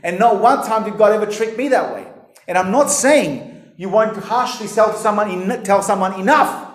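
A man delivers a sermon in an animated, emphatic way, addressing his listeners directly. His voice sits high for a man. The room adds a strong echo. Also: normal speed. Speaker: pastor. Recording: echoey room.

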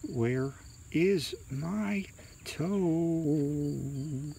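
A man doing a slow groaning toe-hunting creature. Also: a little high, gravelly, warm tone, a little hiss or hum, voice pushed up, heavily acted.

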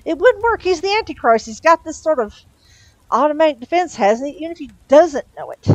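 Woman reading a book, doing a sarcastic demon guy, snappy and high, kinda exasperated. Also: sing-song, no echo, dull audio. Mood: insistent. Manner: sardonic, quick, exasperated. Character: sly sardonic male demon. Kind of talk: reading a novel aloud.

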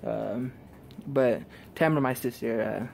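Winded guy vlogging outside in his driveway, stops a lot, quiet and sincere. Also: mid-range voice, a little hiss or hum. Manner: halting, breathy pauses, quiet and earnest. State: out of breath. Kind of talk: casual vlog talk to camera. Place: outdoors in a driveway.

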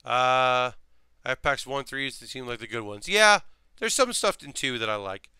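A man's voice: mid-range voice, animated, moderate pace, sharp tone, smooth, no echo. A man streaming a model build, rambling casually and muttering to himself as he works. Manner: rambling, thinks aloud, mutters to himself while working. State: sleepy, yawning. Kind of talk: casual live-stream chat while building.

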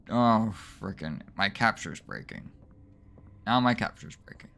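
This let's play gamer's voice is animated and creaky, moving at a moderate pace. He curses and ridicules himself in exasperated outbursts over his own gameplay, yelping high whenever things go wrong.

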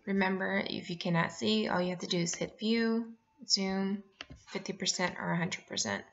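A woman teacher giving a remote lesson, explaining clearly and slowing down to spell out each point. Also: medium pitch, lively intonation, a bit bright, dull audio. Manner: clear and instructive, reads poems aloud, slows down to explain.

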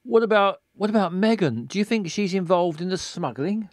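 A man's voice: high-pitched, lively intonation, moderate pace, no echo, studio quality. A man reading the lines of a worried young woman, asking anxious questions.

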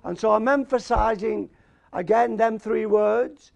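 Slow, gravelly preaching man. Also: high voice, dry recording. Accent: Australian. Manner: slow and emphatic, repeats key words, asks "Amen?". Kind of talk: sermon.

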